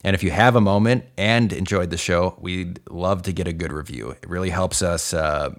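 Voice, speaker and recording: A man's voice: sits low, normal speed. A man co-hosting a film podcast, talking casually with a wry, joking manner. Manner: wry, joking, reads the sign-off. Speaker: podcast co-host.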